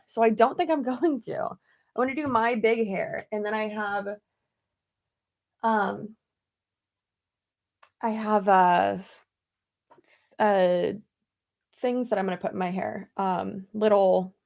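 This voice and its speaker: A woman's voice: medium pitch, steady tone, slow pace, vocal fry, pauses often, a little mellow. A young woman chatting casually while getting ready for her day, rambling and laughing often. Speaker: beauty vlogger. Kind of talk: casual get-ready-with-me chat.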